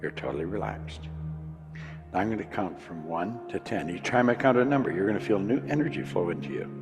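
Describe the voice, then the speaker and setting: A man leading a guided hypnosis, speaking in slow, soothing, repetitive commands. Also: sits low, animated. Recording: reverberant recording with music underneath.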